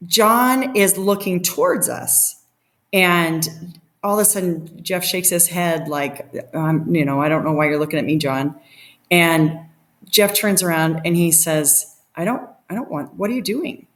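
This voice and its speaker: A middle-aged woman spinning a story as a podcast guest, animated and quick to laugh, slipping into the voices of the people she quotes. Her voice sits a little low for a woman. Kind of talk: casual storytelling.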